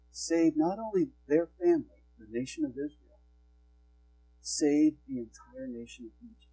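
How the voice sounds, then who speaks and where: A man's voice: medium pitch, dark tone, low-quality recording. A male pastor preaching a sermon in an earnest, exhorting way, asking his congregation questions.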